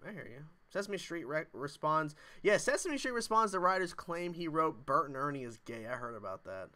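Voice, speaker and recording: An animated young man hosts a casual livestream and reads viewer comments aloud with a jokey, chatty manner. His voice is bright and sits fairly high, and his pitch swings widely as he talks. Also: a little fast. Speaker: livestream host.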